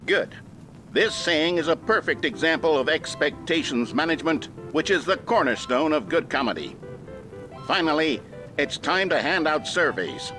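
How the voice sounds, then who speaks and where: A man's voice: a little high, expressive, normal speed, lightly acted. An actor playing an upbeat, earnest male announcer in an instructional film within a video game. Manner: upbeat, earnest, mock-educational. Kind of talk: scripted narration. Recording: narration over clear music.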